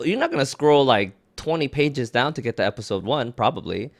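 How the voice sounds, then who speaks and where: A man co-hosting a podcast in casual chat, animated and teasing, often repeating words. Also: mid-range voice, brisk. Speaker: podcast co-host.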